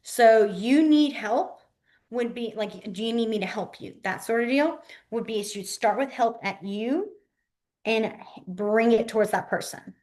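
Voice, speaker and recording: A woman's voice: a little high, lively intonation, unhurried, darkish tone. A young woman, teaching a sign language class in a chatty, informal way that often trails off while she demonstrates. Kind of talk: casual online class teaching.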